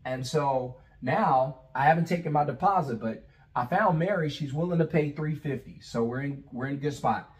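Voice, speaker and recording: A man with a fairly high voice talks through a business lesson as a coach. His delivery is conversational and punchy. He fires off rhetorical questions and slips into acted-out phone calls with clients. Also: moderate pace, rough recording. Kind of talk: instructional talk.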